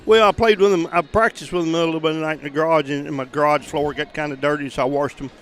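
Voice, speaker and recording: A man's voice: a little high, fairly even intonation, quick pace. An older man with a Southern US accent, a tournament champion chatting in a rambling, folksy, humble way after his win. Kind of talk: post-match interview chat.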